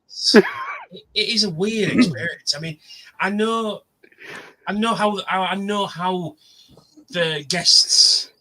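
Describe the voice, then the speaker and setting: A man's voice: high voice, wildly swooping pitch, takes it slowly, long pauses, pushed and bright, poor audio. A man telling rambling stories in a casual livestream chat, full of fillers. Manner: rambling, chatty storyteller with many fillers. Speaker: livestream co-host. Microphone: livestream mic.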